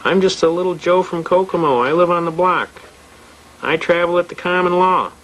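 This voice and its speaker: A man giving a fast, anecdotal talk, acting out dialogue from his stories. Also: fairly high pitch, a little hiss or hum, low-quality recording. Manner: fast-talking storyteller, acts out dialogue. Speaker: speaker on legal rights. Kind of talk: anecdotal lecture.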